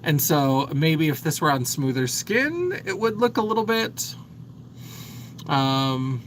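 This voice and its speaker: A man's voice: a little high, sing-song, slow, a bit bright, a little hiss or hum, low-quality recording. A man in his thirties hosting a casual makeup livestream, chatting and reading viewer comments aloud. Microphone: phone.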